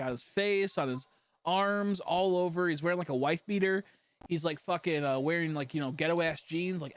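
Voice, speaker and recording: A man streaming a game, telling a long story in a rambling, profane way full of fillers, swinging between hushed and loud. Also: sits high, dry recording. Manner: animated, jumping from hushed to loud. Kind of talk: casual storytelling while gaming.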